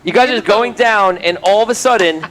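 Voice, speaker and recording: A man's voice: high-pitched, a little fast, a bit bright, slight background noise. A man running a tabletop game as game master, narrating with frequent laughter and rambling asides.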